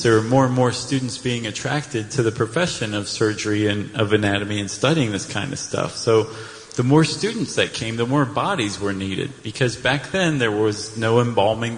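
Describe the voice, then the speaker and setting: An American man co-hosting a podcast live on stage, telling the story with wry, playful jokes. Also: medium pitch. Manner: wry, jokey, playful asides. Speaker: podcast co-host. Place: large hall with live audience. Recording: live hall recording with faint noise.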